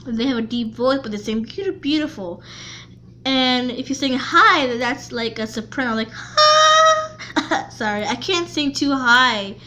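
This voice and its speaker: A woman vlogger chatting casually to camera, talking haltingly with frequent restarts and repeated words. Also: fairly high pitch, bright, forceful tone, slight background noise.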